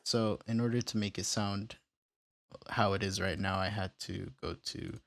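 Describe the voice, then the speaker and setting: A man casually walking through how he built a beat, step by step, in a relaxed, plain way. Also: on the low side, moderate pace, gravelly, no echo, clean studio sound. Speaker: music producer tutorial host. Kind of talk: casual screen-recorded tutorial.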